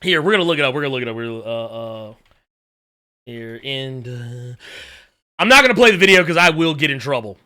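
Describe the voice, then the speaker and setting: A man hosting a casual reaction video, talking excitably and profanely and laughing often. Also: mid-range voice, brisk. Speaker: video host.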